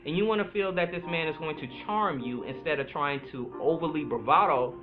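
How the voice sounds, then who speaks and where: A man hosting a podcast, giving astrology advice in an animated, preachy way. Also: fairly high pitch, fairly quick. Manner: animated, preachy, laughs at his own points. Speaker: podcast host. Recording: phone-like sound with music behind.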